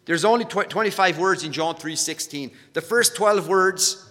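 A man's voice: high-pitched, moderate pace, sharp tone. A middle-aged man from Canada preaching a sermon, earnest, often repeating and restarting his words. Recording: hall with long reverb.

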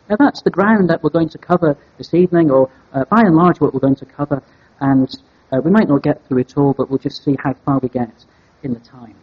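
A man preaching an evening Bible sermon in a measured, deliberate way, stressing key words as he teaches. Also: high voice, slightly rough. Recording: dull lo-fi sermon recording.

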